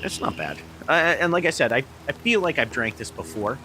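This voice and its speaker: A middle-aged beer vlogger rambles casually about a beer outdoors in heavy rain, hesitating and restarting. His voice is on the high side, animated, and brisk. A small on-camera mic catches the loud, pouring rain and faint music behind him.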